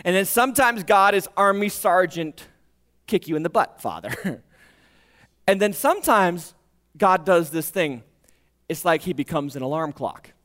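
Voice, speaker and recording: High-voiced man preaching a lively sermon. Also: a little slow, long pauses. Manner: animated, jokey, acts out voices and alarm beeps. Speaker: pastor.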